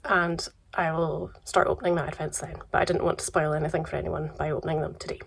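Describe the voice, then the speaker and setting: A Scottish woman vlogging casually about yarn and advent calendars, her voice croaky from a cold, relaxed and chatty with soft trailing asides. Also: deep voice, fast, a little hiss or hum. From Scotland. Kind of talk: casual chat to camera.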